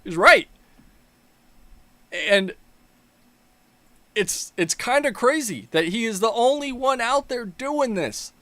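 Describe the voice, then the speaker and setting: A fired-up man with a fairly high voice rants through a political commentary, swearing freely and mocking the people he criticizes. The sound is dry and close, with almost no room echo. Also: animated, takes it slowly, long pauses, sharp tone. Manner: angry, profane, mocking. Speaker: commentary channel host.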